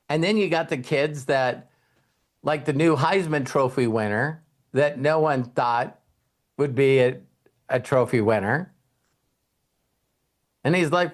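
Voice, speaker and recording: A man's voice: fairly high pitch, unhurried. A middle-aged man hosting a motivational talk, telling stories and acting out quoted voices with some casual swearing. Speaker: host and mentor.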